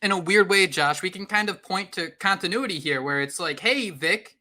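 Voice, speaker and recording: A man co-hosting sports talk radio, animated and opinionated in casual chat. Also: high-pitched, brisk.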